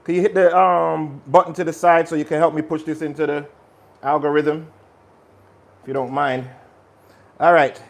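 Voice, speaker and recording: Energetic man hosting a cooking stream. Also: on the high side, normal speed, pauses often. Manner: energetic, chatty, talks to viewers directly. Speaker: cooking channel host. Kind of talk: casual live cooking stream.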